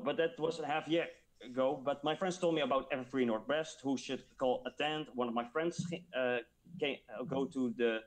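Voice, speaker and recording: Halting Dutch man, searching for words. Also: medium pitch. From Netherlands. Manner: hesitant, halting non-native English, searches for words. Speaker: guest. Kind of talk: casual chat.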